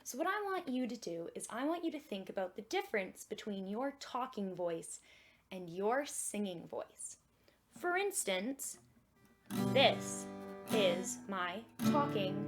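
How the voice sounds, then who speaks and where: A young woman leading a children's music and magic lesson in a gentle, encouraging way that is exaggerated for kids. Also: medium pitch, big pitch swings, unhurried.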